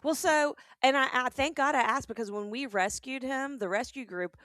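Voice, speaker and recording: A woman's voice: high voice, moderate pace, fairly bright tone, no echo, clean studio sound. Chatty Southern woman co-hosting. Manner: chatty, restarts and laughs a lot. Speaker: podcast co-host. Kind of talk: casual chat.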